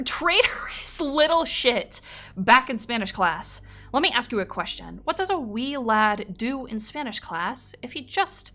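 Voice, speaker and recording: Bright, animated woman streamer. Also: mid-range voice. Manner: animated, swears freely, breaks into laughter. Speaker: streamer host. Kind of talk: reading viewer confessions on a livestream.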